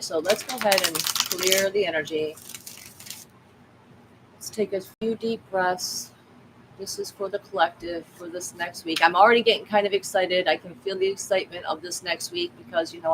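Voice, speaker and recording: A woman's voice: lowish voice, noisy background. A woman tarot reader chatting casually on a live stream, swearing freely and reacting to the chat.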